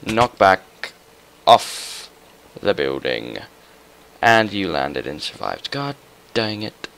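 A young man giving casual, chatty commentary while playing a video game, muttering to himself and getting excitable. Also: rumbling low, slow, gravelly, a little hiss or hum, low-quality recording. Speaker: gaming YouTuber.

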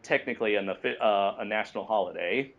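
A man's voice: lowish voice, fast talker, phone-quality sound. A man co-hosting a casual podcast, rambling with many restarts and frequent laughs. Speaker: podcast co-host. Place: lives in Japan.

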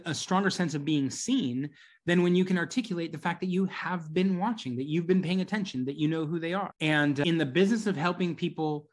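A middle-aged man as an interview guest, answering at length and acting out quoted voices with lively energy. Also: high voice. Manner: animated storyteller, acts out quoted voices. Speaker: guest, business coach.

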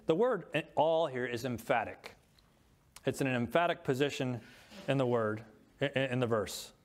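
A man's voice: medium pitch, moderate pace, darkish tone. A pastor preaching a sermon, reading scripture aloud and stressing each word when he lists things.

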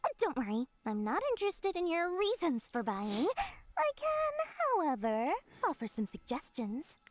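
A high, animated game merchant woman, smooth, scheming and salesy. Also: moderate pace. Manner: sly, salesy, theatrical. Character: shrewd smooth-talking female black-market merchant. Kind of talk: video game voice acting.

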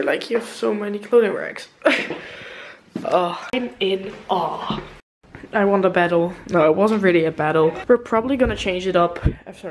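A young adult woman from the Netherlands, a native Dutch speaker, gives a casual, giggly vlog tour of her new apartment, laughing a lot and swearing freely. Her mid-range voice has vocal fry, and the recording is rough.

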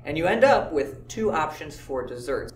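A man's voice: on the high side, sing-song, moderate pace, echoey room, far from the mic, a little hiss or hum. A man teaching a math lesson, explaining step by step in an easygoing way with occasional filler words. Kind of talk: classroom lecture video.

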